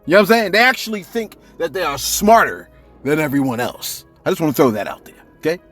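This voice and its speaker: A man doing casual, comedic celebrity gossip commentary, rambling and animated, with faint music behind. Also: fairly high pitch, quick pace. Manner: animated, rambling, keeps saying "you know what I'm saying".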